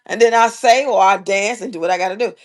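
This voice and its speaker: A woman's voice: medium pitch, quick pace. A middle-aged woman hosting a casual livestream, chatting playfully and reading viewers' comments aloud. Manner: lively, playful, talks straight to viewers. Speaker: livestream host.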